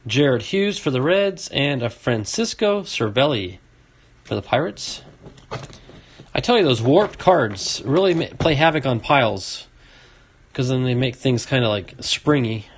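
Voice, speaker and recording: A man's voice: medium pitch, animated, a little slow, a little hiss or hum. A man hosting a casual card-opening video, reading off names and chatting to a viewer. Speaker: card collecting video host. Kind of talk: casual box-opening commentary.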